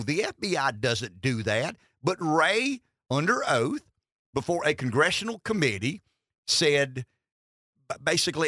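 Host, Southern man, emphatic, bright and lively. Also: a little high, normal speed, no echo, clean studio sound. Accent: Southern American. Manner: animated and emphatic. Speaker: radio show host. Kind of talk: talk radio discussion.

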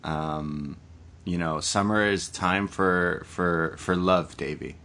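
Playful low-voiced podcast host. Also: male voice, fairly even intonation, slow pace, pushed and bright. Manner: self-mocking, playful, trails off. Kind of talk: casual chat.

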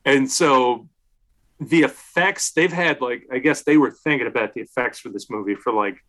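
A man's voice: medium pitch, moderate pace, a bit bright. A man casually talking about movies on a podcast, leaning on "like" as he tells the story and acting out what people said. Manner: chatty storyteller, leans on "like", acts out quotes. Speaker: podcast co-host. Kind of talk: casual film discussion.

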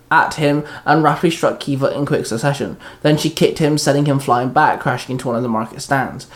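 Man reading fan fiction aloud. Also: a little high. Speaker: reader.

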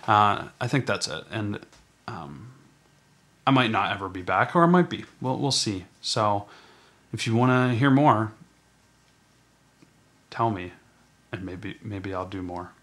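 A man with a lowish voice hosts his own podcast, talking things through with himself in a loose, rambling way. He pokes fun at himself and trips over his words, restarting sentences as he goes. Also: animated, a little slow, long pauses, a bit bright. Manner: casual, self-deprecating, rambling with restarts. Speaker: podcast host. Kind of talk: solo podcast monologue.

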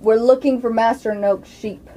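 A woman's voice: a little high, low-quality recording. A woman narrating as game master in a casual tabletop game, with playful asides. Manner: unhurried, animated storytelling with playful asides.

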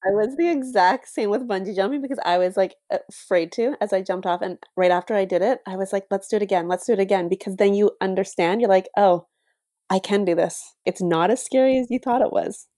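A woman's voice: medium pitch, brisk, warm tone, no echo, studio quality. A woman in her thirties co-hosting a podcast, talking in enthusiastic, rambling casual chat with lots of "like"s. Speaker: podcast co-host.

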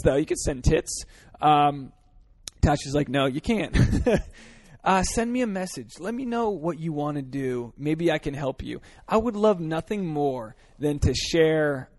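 Host type, solo rant from his car: earnest, profane, slightly raised pitch, dry close sound. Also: dry recording. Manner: earnest, swearing, shifts between fired-up and subdued. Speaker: podcast host.

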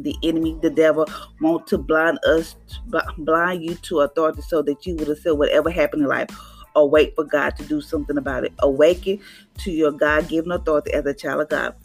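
A woman's voice: sits low, slightly rough. Woman giving a casual podcast devotional. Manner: conversational, preachy, acts out voices with laughs.

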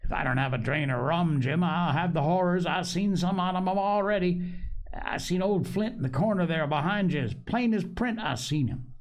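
A sick, rum-hungry old sea dog, as a man puts him on for a storybook reading. The voice sits higher than the reader's own and grinds out rough sailor's slang. He begs and curses in the same breath. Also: moderate pace. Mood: pleading. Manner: coarse sailor's dialect, pleading and cursing. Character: ailing old male sea captain, rum-craving, blustering.

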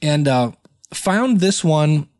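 A man's voice: a little high, expressive, slow, a little mellow, no echo, clean studio sound. A man hosting his own podcast in a rambling, chatty way, with many fillers. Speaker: podcast host. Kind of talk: casual solo podcast chat.

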